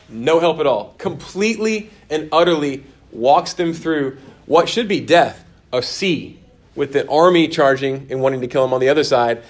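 A man teaching a church Bible course, talking with his class and often dropping to a quiet, emphatic tone. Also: medium pitch. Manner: conversational, answers class comments, drops to quiet emphasis.

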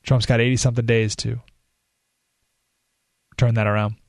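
A man's voice: mid-range voice, little pitch movement, normal speed, vocal fry, a little mellow, dry recording. A man hosting a political talk radio show, delivering an emphatic, ranting monologue with sarcastic asides from a studio. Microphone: studio microphone.

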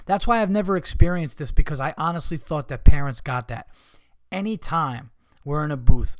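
A man's voice: on the high side, no echo, studio quality. A man hosting a podcast, ranting casually with a lot of swearing and restarts as he reads listener stories. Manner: animated, profane ranting with frequent restarts. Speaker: podcast host. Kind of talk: casual solo podcast rant.

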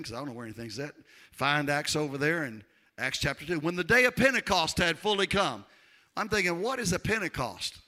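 A man preaching a sermon, telling his own story with lively, acted-out voices and loud peaks. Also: high-pitched. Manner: animated storyteller, acts out voices, shouts at peaks. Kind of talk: testimony sermon.

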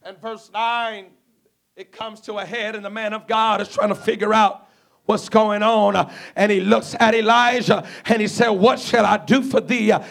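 A man's voice: sits high, level tone, normal speed, vocal fry, fairly bright tone. A man preaching a sermon as a guest preacher, telling a Bible story and acting out its dialogue. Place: church before a congregation.

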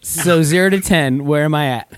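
A man's voice: on the high side, moderate pace, no echo. A man hosting a casual group talk, playful and laughing often. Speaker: podcast host.

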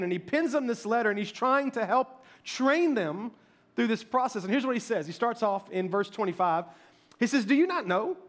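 A man preaching a sermon as pastor, emphatic, with quick restarts and repeated words. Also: high voice, fairly bright tone.

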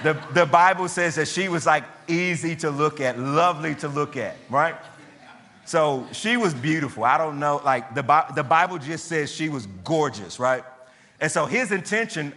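A man delivers a sermon in a fairly high voice, telling the scripture story in lively, slangy, conversational terms. His words ring out with a long reverb, as if in a large hall. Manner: animated, colloquial storytelling with slang. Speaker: preacher.

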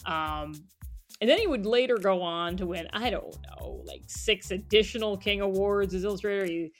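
A man's voice: high-pitched, moderate pace, a bit bright, soft background music. A man co-hosting a casual podcast chat, talking in a chatty way and laughing often. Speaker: podcast co-host. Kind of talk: casual chat about picture books.

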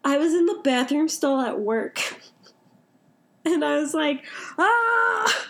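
A young woman with a high voice talks anime as a co-host, gushing freely. She strings her thoughts together with "like" in a loose, casual chat. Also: measured pace, vocal fry, darkish tone. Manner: gushing, heavy use of "like". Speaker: podcast co-host.

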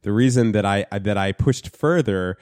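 A man's voice: fairly low pitch, normal speed, darkish tone, dry recording, studio quality. A man in his thirties from the United States, chatting crudely on a podcast, rambling with stammered restarts. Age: 30s. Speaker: podcast co-host. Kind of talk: casual crude banter. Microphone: studio mic.

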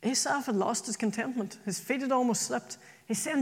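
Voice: medium pitch, normal speed, breathy edge. A preacher delivering an earnest sermon, often repeating phrases for emphasis. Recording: long reverb from a hall.

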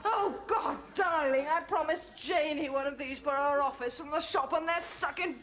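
A woman's voice: high-pitched, normal speed, a bit bright. An actress playing a self-absorbed, flustered English mother in an archive TV sketch, gushing endearments and swearing. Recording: archive TV clip with audience laughter and noise.

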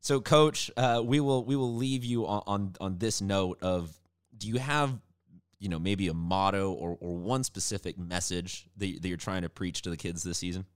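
A man's voice: low-pitched, moderate pace, smooth. A man hosting a local sports show, chatty and upbeat as he interviews a coach. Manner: chatty, upbeat, animated in sign-off. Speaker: sports podcast host.

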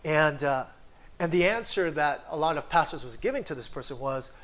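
A man with a notably high voice delivers a sermon in a loose, conversational way. He keeps checking in with the listeners and builds toward emphatic declarations. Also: lively intonation, moderate pace, a bit bright. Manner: conversational, frequent "right?" tags, rising to emphatic declarations. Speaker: preacher.

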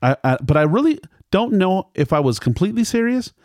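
A man's voice: high voice, very animated, brisk, a little mellow, no room sound, clean studio sound. A middle-aged man telling a family story in casual conversation, rambling and correcting himself as he acts out quoted lines.

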